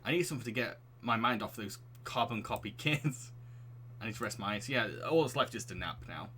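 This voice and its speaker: A man's voice: medium pitch, animated, a little fast, sharp tone, slight background noise. A man from England streaming a dating game, giggling and reading the story aloud. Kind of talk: let's play commentary.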